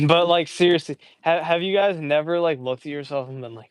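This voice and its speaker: A man's voice: a little high, fairly even intonation, normal speed, smooth, dry recording. Young man musing in crude slang. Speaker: stream guest. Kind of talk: casual livestream chat.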